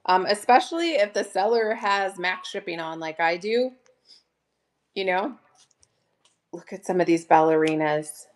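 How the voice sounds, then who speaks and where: A woman hosting a casual live sale from home, chatting warmly and gushing over each item. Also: on the low side, animated, a little slow, pauses often. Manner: chatty, gushing, addresses viewers as "you guys". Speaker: online live-sale seller. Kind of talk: casual live-stream selling chat.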